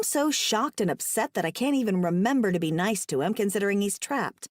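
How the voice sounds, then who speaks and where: A woman's voice: expressive, fairly quick, hardly any pauses, no room sound, clean studio sound. A young woman narrating a first-person romance audiobook, emotive and dramatic. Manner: emotive, voices the heroine's panic in a higher pitch.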